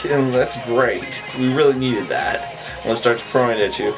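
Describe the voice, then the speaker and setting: A man's voice: medium pitch, normal speed, recorded from a distance, music in the background, rough recording. A man casually recapping a reality show episode, rambling with lots of fillers and a habit of adding "on that". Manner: rambling, many fillers, repeats the phrase "on that".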